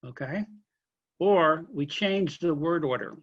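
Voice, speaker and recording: A man lecturing a linguistics class, explaining question forms slowly with examples and apologizing for being unclear. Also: fairly high pitch, lo-fi sound. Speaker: linguistics instructor.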